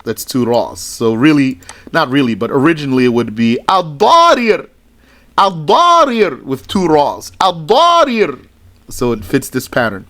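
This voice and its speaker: A man with a mid-range voice speaks at a normal speed. He's teaching a religious studies lesson as a slow recitation, reading out a list item by item and adding short explanatory asides.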